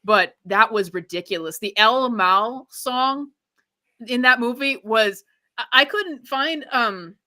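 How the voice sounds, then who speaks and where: A woman's voice: on the high side, takes it slowly, sharp tone. A young adult woman hosting a live stream, giving opinionated reaction commentary in a rambling way with frequent restarts.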